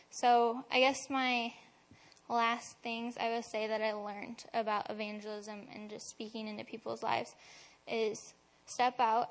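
Soft-spoken young woman sharing a testimony. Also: on the high side. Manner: soft-spoken, reflective, reserved.

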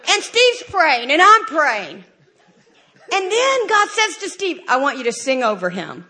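A woman giving a lively, humorous church testimony and acting out the dialogue as she goes. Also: sits high, unhurried. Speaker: church speaker sharing a testimony. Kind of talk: animated storytelling testimony.

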